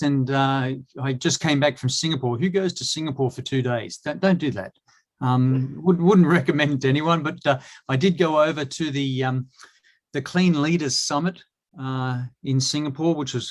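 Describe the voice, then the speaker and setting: A man with an Australian accent, talking as a guest in a casual online interview, with many fillers and restarts. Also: medium pitch.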